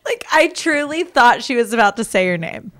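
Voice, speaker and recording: A woman's voice: on the high side, expressive, normal speed, fairly bright tone. A young woman co-hosting a casual podcast, reacting with laughter and teasing asides. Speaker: podcast co-host. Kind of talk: casual chat.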